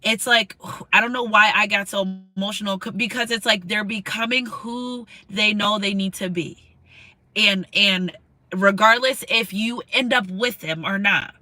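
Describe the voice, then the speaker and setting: Give me a woman doing a tarot reading in an emotional, casual way, repeating herself and swearing freely, with a very bright, cutting voice. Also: mid-range voice, unhurried, rough recording. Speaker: tarot reader. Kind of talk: tarot card reading to camera.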